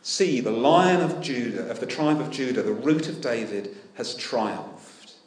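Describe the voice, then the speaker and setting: A man preaching a sermon, animated and full of rhetorical questions with dry humour. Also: medium pitch, a little slow, roomy sound. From United Kingdom. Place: church.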